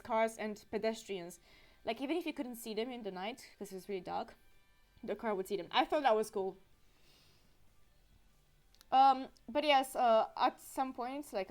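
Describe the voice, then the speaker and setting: A woman giving a casual live-stream recap, animated and giggly, with frequent fillers. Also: a little high.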